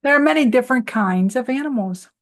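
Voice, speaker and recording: A woman's voice: sits high, expressive, brisk. A woman hosting a children's morning lesson, coaxing little ones through clap-along chants and answering her own questions for them. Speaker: preschool teacher host.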